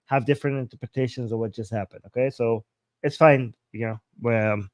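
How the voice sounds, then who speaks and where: A man's voice: mid-range voice, fairly even intonation, brisk, no room sound, studio quality. A man co-hosting a casual livestream chat, easygoing, laughing often and restarting his sentences. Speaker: co-host.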